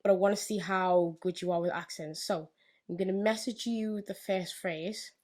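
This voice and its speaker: A woman's voice: lowish voice, fairly even intonation, normal speed, darkish tone. A woman co-hosting a casual podcast chat, teasing and laughing often. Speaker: podcast co-host.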